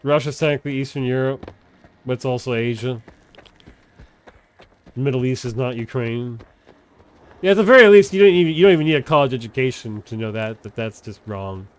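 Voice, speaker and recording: A man chatting casually on a gaming livestream. He swears freely and rambles, often breaking off mid-thought to start again, in a mid-pitched voice. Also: brisk, pauses often. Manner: rambling, profane, trails off and restarts often. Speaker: live streamer. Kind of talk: casual chat while gaming on stream.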